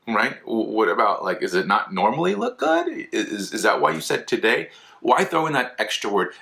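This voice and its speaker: Casting: man in his thirties from California, lowish bright voice, casual animated lecture, jumps into silly voices. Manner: animated, acts out quoted voices, many restarts. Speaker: philosophy teacher.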